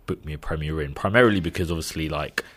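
A man's voice: extremely low pitch, fast talker, fairly bright tone. A man in a casual chat, laid-back and filling his talk with "like". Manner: laid-back, filler-heavy with lots of "like".

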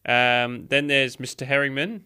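Chatty guy, crisp bright voice with some gravel, rambles happily. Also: medium pitch, fairly even intonation, a little slow. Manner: enthusiastic, rambling with fillers. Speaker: podcast co-host. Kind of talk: casual chat reviewing a cartoon.

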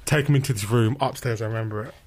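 A young man tells an animated anecdote, acting out both sides of old conversations and jumping up in pitch for the lines he quotes. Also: racing. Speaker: guest telling a story.

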